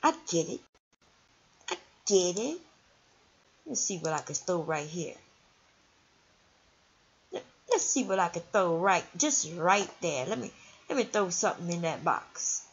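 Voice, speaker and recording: A woman's voice: fairly low pitch, very animated, measured pace, pauses often, husky. Sassy, taunting woman vlogger. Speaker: channel host. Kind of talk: casual ranting livestream talk. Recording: dull lo-fi sound.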